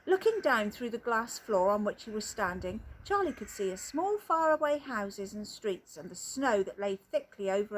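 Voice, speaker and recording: A woman reading a children's book aloud outdoors, telling the story with expressive, animated delivery. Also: fairly high pitch, slight background noise. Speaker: reader.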